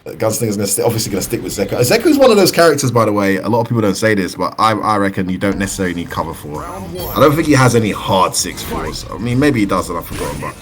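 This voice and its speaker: A British man giving excitable, chatty live commentary on a fighting-game match. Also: on the low side, quick pace. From United Kingdom. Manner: excitable, chatty, laughs often. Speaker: esports commentator.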